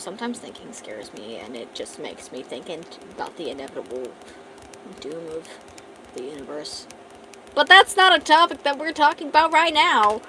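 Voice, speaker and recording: A woman's voice: mid-range voice, background noise. Rambling young woman chatting while sketching. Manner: rambling, thinks aloud, fast talker. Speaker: art streamer. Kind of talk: casual livestream chat. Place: home.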